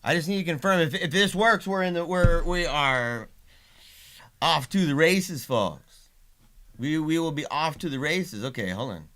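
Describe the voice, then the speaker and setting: A man's voice: a little high, unhurried, fairly bright tone. A middle-aged man hosting a casual livestream, chatty and laughing, with many restarts. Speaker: livestream host and father.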